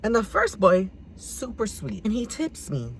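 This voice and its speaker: A young man spins a casual storytime with plenty of sass and drama. His pitch leaps and dips all over the place as he acts out every beat. There is a faint hiss of noise underneath his voice. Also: measured pace, vocal fry. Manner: animated, sassy, dramatic delivery with big swings in pitch. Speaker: storyteller vlogger.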